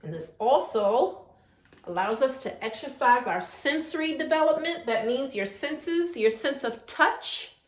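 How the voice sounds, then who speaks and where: A woman teaching little ones in a virtual class, her high voice leaping up and down in a sing-song way. She takes her time, stretching out each letter sound and coaxing the children with questions, while the echoey room rings around her. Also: animated, measured pace. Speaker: preschool teacher.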